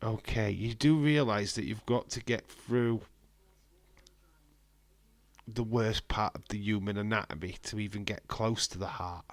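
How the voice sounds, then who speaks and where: This man hosts a live watch-along stream, joking casually as he reads out his viewers' comments and answers them. His voice sits fairly low, with fairly even intonation and a slightly slow pace. The recording has no echo.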